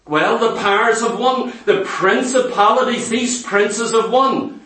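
High-voiced preacher in an echoey hall. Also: male voice, unhurried, a bit bright. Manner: emphatic, with rhetorical questions to the congregation. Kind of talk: sermon. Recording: echoey hall, mic far off.

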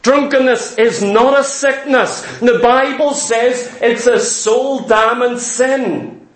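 A man's voice: very high voice, slow pace. A man preaching a sermon with fervor, firing off rhetorical questions and quoting opponents mockingly. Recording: echoey room.

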